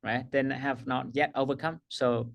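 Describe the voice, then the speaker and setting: Creaky and mid-range, this middle-aged man's voice holds a steady tone and moves a little slowly. He's teaching a coaching workshop, emphatic and repetitive with his main phrases, often laughing at his own expense.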